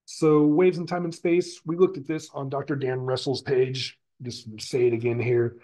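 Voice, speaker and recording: A man lectures on sound physics in a classroom recording, working through the material step by step and restating key terms. He speaks at normal speed in a medium-pitched, dark voice with little pitch movement, and the recording is rough.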